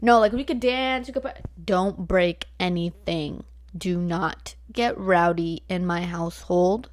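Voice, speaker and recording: A nineteen-year-old woman from Northern California, ranting bluntly at home into her laptop mic, swearing freely and filling her talk with likes and rights. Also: on the low side. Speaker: vlogger. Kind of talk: casual ranting storytime. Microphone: laptop built-in mic.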